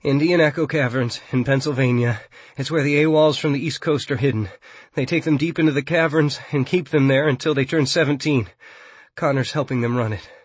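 A man's voice: medium pitch, a little fast, slightly rough, dry recording, lightly acted. A man voicing a frightened teenage boy held captive in an audiobook, pleading and urgent. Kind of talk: audiobook character reading.

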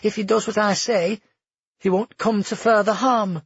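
A man with a husky voice, voicing a calm, collected young woman sorceress in a raised, unhurried voice. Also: high-pitched, no echo, muffled recording, voice pushed up, heavily acted. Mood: cool. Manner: cool and unhurried.

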